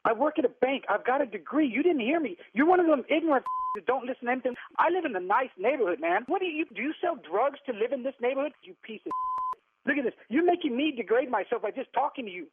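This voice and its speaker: A man's voice: extremely high pitch, expressive, quick pace. A man on a phone call, firing back angry, indignant retorts as the target of a prank. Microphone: telephone. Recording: tinny phone line.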